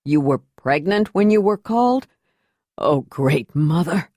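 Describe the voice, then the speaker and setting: A woman's voice: low voice, lively intonation, measured pace, warm tone, no room sound, studio quality. A woman reading the lines of a panicky, remorseful man who pleads in anguish. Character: Jondalar, grown man, remorseful, panicky lover. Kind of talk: audiobook character reading.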